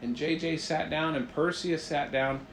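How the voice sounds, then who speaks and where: A man's voice: fairly high pitch, fairly even intonation, measured pace, echoey room, a little hiss or hum, rough recording. A man telling a playful, improvised bedtime story as a parent.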